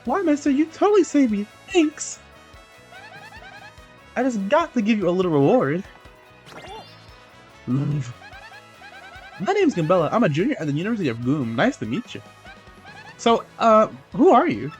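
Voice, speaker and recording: A man's voice: high-pitched, very animated, normal speed, long pauses, soft background music, voice pushed up. A man voicing a bubbly young female goomba student with chirpy, gushing chatter. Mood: cheery.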